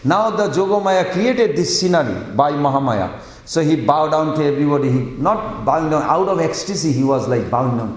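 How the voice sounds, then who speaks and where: A man preaching at a devotional scripture class, questioning the audience and acting out quoted voices with sudden loud outbursts, in non-native English. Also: a little high, big pitch swings, fairly quick. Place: class room. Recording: roomy hall with long echo.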